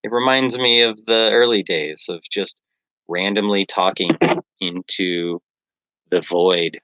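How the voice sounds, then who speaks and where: A man's voice: low voice, slow pace, pushed and bright, no echo. A man rambling casually on a livestream as he works, self-mocking and full of fillers. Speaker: livestreaming artist.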